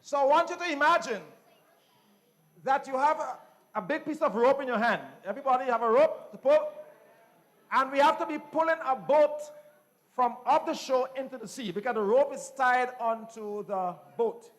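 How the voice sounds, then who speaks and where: Very high-voiced Grenadian man leading kids. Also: normal speed. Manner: lively, playful and encouraging, repeats instructions. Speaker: folk music workshop leader. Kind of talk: leading a children's call-and-response class. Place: indoor music fair.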